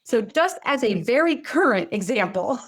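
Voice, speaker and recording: A middle-aged woman co-hosting a heartfelt talk show, speaking casually and acting out her own quoted words with big jumps in her voice. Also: normal speed. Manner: expressive, acts out quotes with big pitch jumps. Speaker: podcast co-host. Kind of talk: casual chat.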